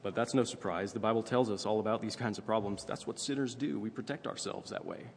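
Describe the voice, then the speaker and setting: A man with a somewhat low voice delivers a sermon in a relaxed, conversational way. He keeps checking in with listeners by asking "right?" The sound carries a long hall reverb over faint room noise. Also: fast talker, vocal fry. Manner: conversational preaching, frequent "right?" asides. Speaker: pastor.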